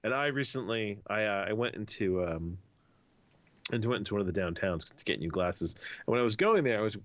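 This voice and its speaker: A man's voice: fairly low pitch, no room sound. A man co-hosting a podcast, teasing his friend and telling a story in casual chat. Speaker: podcast co-host. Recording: dry, dull lo-fi sound.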